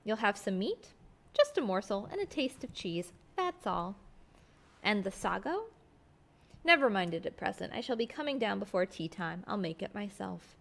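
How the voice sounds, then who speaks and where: A woman reading aloud as a composed, guarded middle-aged woman servant, measured and prim. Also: mid-range voice, very animated, gravelly, a bit bright, heavily acted.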